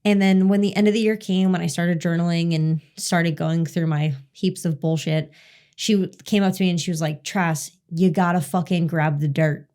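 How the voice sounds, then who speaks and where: A woman's voice: lowish voice, fairly even intonation, normal speed, dark tone, clean tone. A woman co-hosting a podcast, chatting casually and telling stories, swearing freely. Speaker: podcast co-host. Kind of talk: casual chat.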